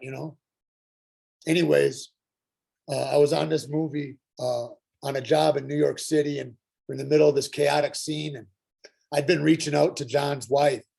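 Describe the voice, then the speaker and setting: Gravelly husky guy, middle-aged, telling his recovery story, lots of ums and restarts. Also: medium pitch, a little mellow. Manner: halting, earnest storytelling with many fillers and restarts. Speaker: workshop speaker sharing his story. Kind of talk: personal recovery share. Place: Santa Fe.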